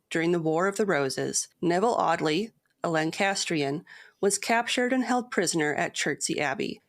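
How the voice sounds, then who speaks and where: A woman co-hosting a podcast, reading a long poem and source quotes aloud in a measured storytelling cadence, then chatting casually. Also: fairly low pitch, vocal fry. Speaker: podcast co-host.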